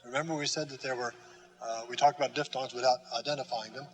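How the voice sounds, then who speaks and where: Male teacher, mid-range voice, slow explanatory delivery full of fillers, sounds out each letter. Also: medium pitch, fairly even intonation, rough recording. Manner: slow, patient, with many fillers and restarts; demonstrates sounds and letter strokes. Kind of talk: classroom lesson.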